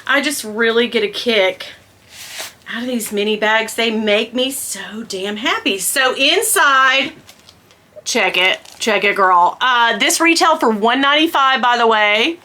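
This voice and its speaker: A middle-aged woman vlogger in a casual unboxing chat, gushing and excitable, calling her viewers "girl" and dropping into whispered asides. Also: a little high, measured pace, slight background noise.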